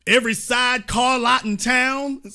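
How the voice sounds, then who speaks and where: A man's voice: very high voice, fairly even intonation, measured pace, pushed and bright. A man hosting a profane, comedic political rant, often acting out the voices of the people he quotes. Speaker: political commentary host.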